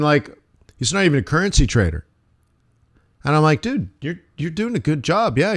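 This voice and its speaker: A man hosting a live forex trading stream, talking through charts in a casual, rambling way with joking asides. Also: medium pitch.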